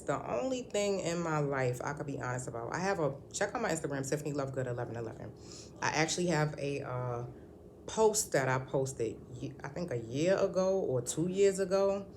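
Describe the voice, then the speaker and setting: A woman's voice: extremely low pitch, a little mellow, slight background noise. A woman at home talking to her channel in a casual vlog, rambling and candid with lots of ums and restarts. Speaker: vlogger. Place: at home indoors.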